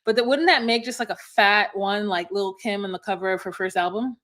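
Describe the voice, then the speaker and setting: A woman's voice: medium pitch, brisk, fairly bright tone. A woman co-hosting a casual recap podcast, wry and sceptical as she sums up episodes. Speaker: podcast co-host.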